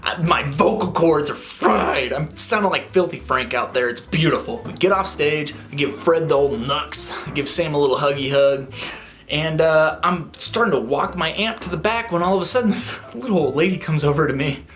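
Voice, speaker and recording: A guitarist and singer from a touring band recounts a story on camera with plenty of laughter. He uses easygoing slang and an animated manner, and his voice is on the high side at a moderate pace.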